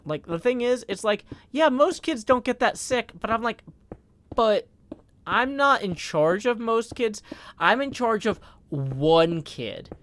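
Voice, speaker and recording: A man's voice: very high-pitched, lively intonation, takes it slowly, fairly bright tone. Chatty man streaming live. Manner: chatty, scattered, reads chat aloud with mock indignation. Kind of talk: casual live-stream chat while playing a game.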